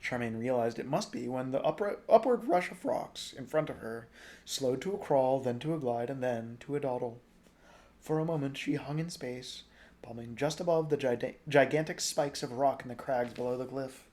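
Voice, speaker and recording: A young adult man reading a novel aloud in a relaxed, informal way. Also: mid-range voice, normal speed. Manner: relaxed, informal, jokes at stumbles. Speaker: storybook reader.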